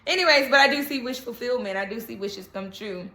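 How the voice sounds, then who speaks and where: A woman giving a casual, animated tarot reading, often checking in with "okay?" and repeating reassurances. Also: fairly high pitch, a little fast. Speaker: tarot reader. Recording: echoey room with faint noise.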